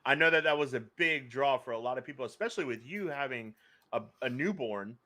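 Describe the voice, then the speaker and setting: A man from the United States, co-hosting a casual podcast with relaxed, dry remarks. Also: medium pitch, fairly quick. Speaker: podcast co-host. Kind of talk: casual chat.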